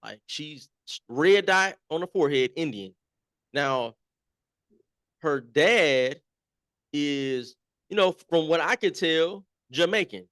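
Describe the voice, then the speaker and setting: A man's voice: a little high, animated, takes it slowly, long pauses, fairly bright tone, smooth, no room sound, clean studio sound. A man appearing as a guest on a talk show, making his points emphatically and repeating them in casual chat.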